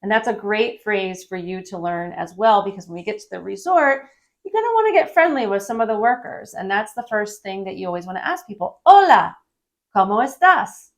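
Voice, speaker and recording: A woman giving a casual travel-phrase lesson, friendly and repeating phrases slowly for learners. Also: mid-range voice, expressive. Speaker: Spanish teacher.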